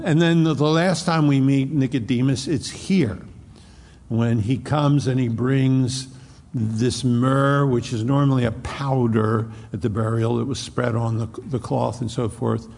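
Male preacher with a gravelly, husky voice, retelling scripture in a reverberant hall. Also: mid-range voice, darkish tone. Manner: storytelling, frequent restarts, acts out quotes. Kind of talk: expository sermon.

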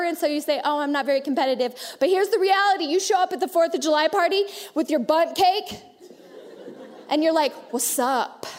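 High-voiced playful woman pastor, hall echo. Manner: playful, joking, animated asides. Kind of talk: sermon. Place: church auditorium. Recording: reverberant church hall.

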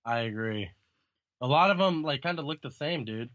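Bright-voiced, profane casual man. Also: mid-range voice, lively intonation, normal speed, no echo, dull audio. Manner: profane, laid-back, laughing often. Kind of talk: casual comic book chat.

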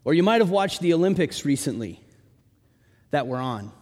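A man with a high voice preaches in a church hall, and long reverb trails after each phrase. He tells the story with animated energy and swings from quiet asides to loud calls. The delivery is a pastor's sermon to his congregation. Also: moderate pace. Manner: animated storytelling, rising to shouts in quotes.

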